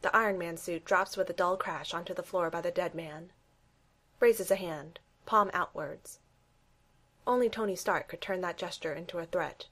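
A woman narrating a story in a steady, wry reading voice. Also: fairly low pitch, moderate pace. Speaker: reader.

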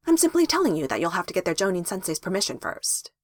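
A woman voicing a calm older village leader who speaks in a reasonable tone. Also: lowish voice, quick pace, no room sound. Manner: reasonable, cheerfully unapologetic.

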